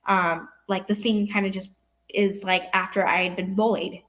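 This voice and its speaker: A teenage girl from California, talking as an interview guest about her acting work. She speaks casually at a middle pitch, with her sentences full of "like" and "um". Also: level tone, moderate pace, a bit bright. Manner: youthful, heavy use of "like" and "um". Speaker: actress guest.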